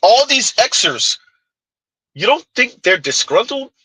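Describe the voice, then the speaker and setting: A man with a high, husky voice delivers heated reaction commentary. He jumps all over his pitch as he fires off mocking rhetorical questions. The recording is dry and close. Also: big pitch swings, slow, pushed and bright, no echo, poor audio.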